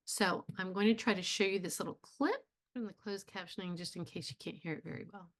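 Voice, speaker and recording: A woman's voice: medium pitch, fairly quick. Woman, theatre instructor, video lecture, casual, plainspoken, fillers.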